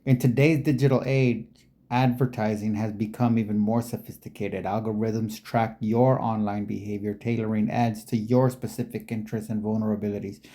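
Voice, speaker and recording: A man's voice: fairly low pitch, flat delivery, normal speed, dark tone. Rambling man reading screen text aloud. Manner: rambling, musing, repeats words aloud. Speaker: video creator. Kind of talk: casual commentary while reading on screen.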